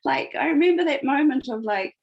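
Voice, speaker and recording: A woman guest on a podcast, her voice sitting high, brisk and animated, reflectively retells a fairy tale with emphasis and relates it to the present. It's conversational storytelling, and the highs are cut off.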